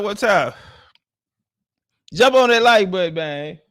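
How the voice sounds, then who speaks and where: A man's voice: high voice, animated, slow, pauses often, a bit bright, no echo, studio quality. A man from Texas, hosting a livestream and bantering with viewers in a joking, boastful, profane way. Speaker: livestream host. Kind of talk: casual livestream chat with viewers.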